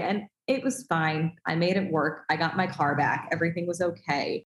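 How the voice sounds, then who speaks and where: A woman's voice: deep voice, normal speed, few pauses, roomy sound, poor audio. A woman telling a self-deprecating story in casual podcast chat, acting out the dialogue. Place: Los Angeles.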